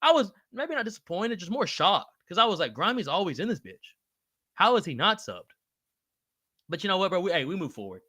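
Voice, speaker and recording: Brisk and clean, recorded dry in a studio, this livestream host chats loosely and curses freely. He reads out viewer comments by name and responds, and his pitch leaps up whenever he's excited.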